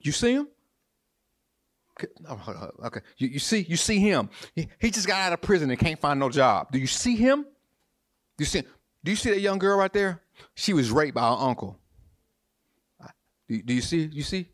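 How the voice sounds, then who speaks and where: A man's voice: a little high, a bit bright. A man preaching a sermon in an informal, folksy way, repeating his questions and calling on the congregation to respond. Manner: preaching with repetition and call-and-response; folksy, informal church talk with "y'all". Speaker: pastor.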